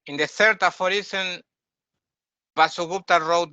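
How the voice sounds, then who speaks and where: Brief: male teacher, high bright voice, unhurried, dry close sound. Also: lively intonation, no room sound, lo-fi sound. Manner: unhurried, explains terms, asks listeners questions. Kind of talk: spiritual lecture.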